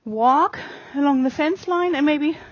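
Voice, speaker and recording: A woman horse trainer explaining her work with a mare in an open outdoor arena, calm and coaxing, with many fillers. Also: sits high, a little slow, dry recording, lo-fi sound.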